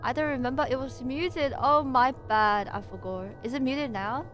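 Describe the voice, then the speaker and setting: A woman's voice: high voice, moderate pace, fairly bright tone, faint music behind. A woman livestreaming, chatting in a playful, rambling and silly way between reading passages from her home PC setup. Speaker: VTuber streamer.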